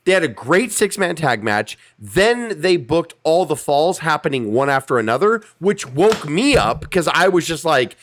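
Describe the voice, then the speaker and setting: A man's voice: a little high, fairly bright tone. A man hosting a podcast, reviewing wrestling in casual, profane, emphatic chat. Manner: profane, emphatic, acts out quotes. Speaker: podcast host.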